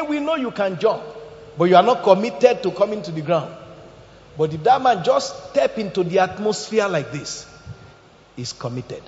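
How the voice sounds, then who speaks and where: A man preaching a sermon as pastor, swinging between shouts and hushed tones. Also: high-pitched, expressive, moderate pace. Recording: echoey hall, muffled sound.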